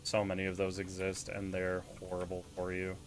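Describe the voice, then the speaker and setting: A young man with a Canadian accent chatting casually while streaming a game, playful and quick to mimic accents. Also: low voice, monotone. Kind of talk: casual gaming chat.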